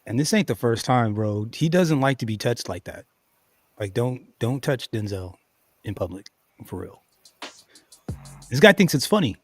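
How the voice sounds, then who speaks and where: A man's voice: mid-range voice, normal speed, darkish tone, no room sound, faint music behind. Laughing man reacting to clips, dry sound. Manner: laughs often, mutters asides. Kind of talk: casual reaction commentary.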